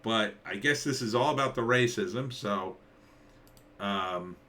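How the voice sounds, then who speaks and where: A man's voice: slow pace, bright, forceful tone. A man in his forties from New Jersey, rambling through a casual, sardonic trailer reaction. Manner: rambling, sardonic, jumps into mock-surprised high quotes. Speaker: commentator.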